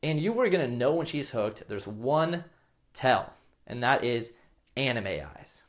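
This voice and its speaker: A man's voice: medium pitch, big pitch swings, a little slow. A man talks straight to the camera in a casual advice video. He is blunt and coarse at times, and slips into acted example lines as he explains. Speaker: dating coach.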